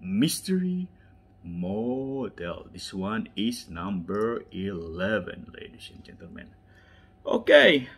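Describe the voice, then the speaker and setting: A man with a non-native English accent unboxing toy cars, enthusiastic and repetitive, often dropping into soft whispers. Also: sits low, sing-song, takes it slowly, creaky, slightly rough. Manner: drops to soft whispers while handling toys; enthusiastic, repeats words, addresses "ladies and gentlemen". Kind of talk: unboxing commentary.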